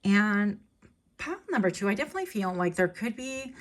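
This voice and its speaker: A woman does a casual pick-a-card tarot reading, chatty and rambling, often laughing and getting emotional. Her mid-range voice has lively intonation and a fairly quick pace.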